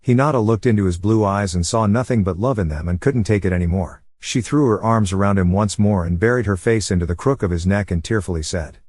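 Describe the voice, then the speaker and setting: A man narrating a fan-fiction story in a plain, steady reading voice. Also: lowish voice, a little fast, hardly any pauses, dry recording, clean studio sound. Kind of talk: audiobook-style story reading.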